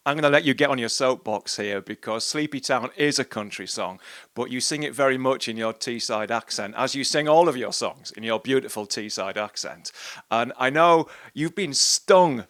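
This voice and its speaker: Man, presenter, live interview in a bookshop, playful, mid-pitched voice, dry close sound. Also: normal speed, fairly bright tone, no echo.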